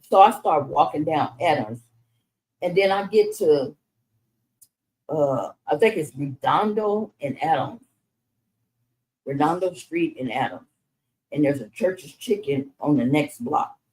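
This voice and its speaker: A woman's voice: deep voice, lively intonation, unhurried, pauses often, a little mellow, poor audio. Frank middle-aged woman telling her story. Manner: frank and conversational, with frequent restarts and vivid retelling. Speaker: mother telling her life story to her son. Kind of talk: candid personal storytelling in conversation.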